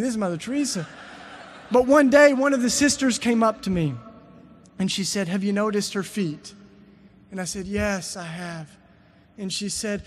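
High-voiced man preaching with rising fervor. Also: long reverb tail, a little hiss or hum. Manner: storytelling, rising to emphatic preaching. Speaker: speaker. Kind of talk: sermon.

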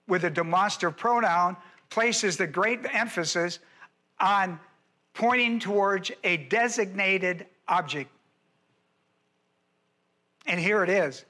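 A male pastor preaches an expository sermon on a verse, pressing hard on every point and repeating key words. His voice is high and bright for a man, with a forceful edge.

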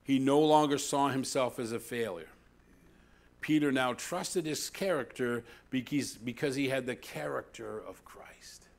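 With a mid-range voice at normal speed, a pastor preaches animatedly, swinging between loud emphasis and hushed asides. He frequently turns to the congregation with "See?".

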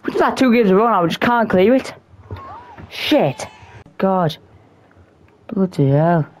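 A man reacting live to a football video game, excitable and cursing at every miss. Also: high voice, measured pace, a little hiss or hum. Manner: excitable, swears and shouts at the game. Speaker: gamer.

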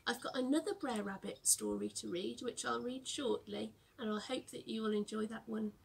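A young woman teacher reading a storybook aloud to children, gently explaining words along the way. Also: fairly high pitch, normal speed, vocal fry, slightly rough.

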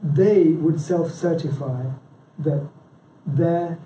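Extremely slow and mellow, his voice a little high, the man chairs a local branch in a chatty, informal presentation, quizzing the audience and frequently restarting. Expect plenty of "yeah?" and "you know". He's recorded from a distance in an echoey meeting room with a live audience and slight background noise.

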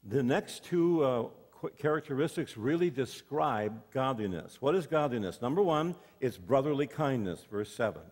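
A man's voice: mid-range voice, lively intonation, normal speed, hardly any pauses, darkish tone. A man preaching a sermon as pastor, telling folksy stories and asking the congregation questions. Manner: folksy storytelling with rhetorical questions. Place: church sanctuary. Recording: long hall reverb.

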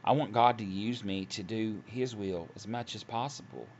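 Earnest low-voiced man preaching at home. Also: normal speed. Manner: earnest, rambling, many restarts. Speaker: online Christian video preacher. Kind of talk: casual preaching monologue. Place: at home, seated. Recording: dull lo-fi audio with faint hiss.

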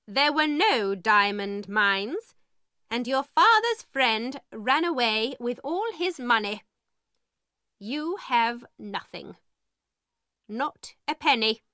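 A stern, indignant headmistress, put on by a woman reading a storybook aloud, her voice climbing high and swinging widely as she presses each word slowly and sharply. The sound is close and dry. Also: dry recording, full character voice. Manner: sharp, indignant, slow and emphatic. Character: stern, angry female headmistress, middle-aged.

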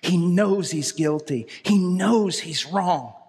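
A man delivers a sermon in a high, urgent voice that climbs to near-shouts and drops to hushed, low lines. The sound carries a long reverb, as from a large church hall. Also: lively intonation, slow pace, slightly rough. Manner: impassioned, swinging from soft low asides to raised cries. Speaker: preacher.

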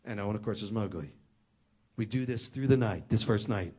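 A middle-aged man telling a family story as a talk, animated and acting out the voices of the people in it. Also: on the low side, a little fast, breathy edge.

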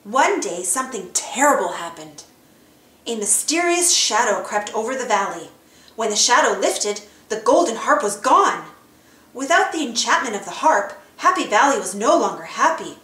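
A woman narrating a children's storybook aloud in an expressive storytelling manner. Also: fairly high pitch, normal speed, echoey room. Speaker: storybook reader.

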